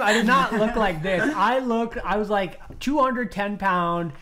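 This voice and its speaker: A man co-hosting a podcast, telling a story in casual chat, animated, acting out the voices of people he quotes and laughing often. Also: high voice, normal speed, hardly any pauses. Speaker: podcast co-host.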